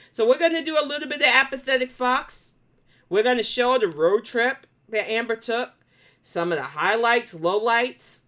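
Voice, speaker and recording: Woman host with a New York accent, slightly high voice, blunt and cussing, live commentary. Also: fairly bright tone. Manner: blunt, profane, confrontational. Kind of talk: live commentary and chat replies.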